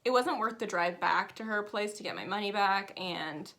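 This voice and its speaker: A woman's voice: medium pitch, moderate pace, fairly bright tone. A woman in her thirties chatting casually to camera at home, telling a personal story with lots of emotion. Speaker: flosstube vlogger. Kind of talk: casual chat.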